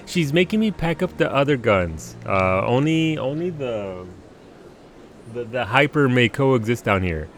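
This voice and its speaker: At a measured pace and medium pitch, a man chats casually with his viewers while livestreaming a game. Lively and laughing often, he stammers and restarts his sentences, over a little hiss or hum.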